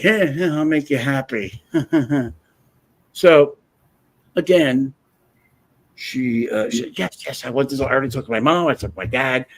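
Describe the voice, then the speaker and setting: A man with a husky voice hosts a laid-back livestream, telling a story bluntly and swearing a lot. As he gets worked up his pitch swings widely, yet his tone stays loose and conversational.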